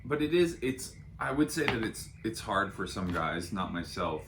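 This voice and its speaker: A man's voice: on the low side, sing-song, normal speed, echoey room, noisy background. A man in his thirties co-hosting a podcast, chatting casually and comically, rambling and self-deprecating. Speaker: podcast co-host. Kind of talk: casual comedic chat.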